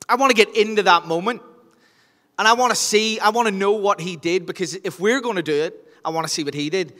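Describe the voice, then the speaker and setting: A man with a Northern Irish accent preaching a sermon as pastor, telling jokey stories and acting out scenes. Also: sits high. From Northern Ireland. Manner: animated storyteller, jokey, acts out scenes. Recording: long hall reverb.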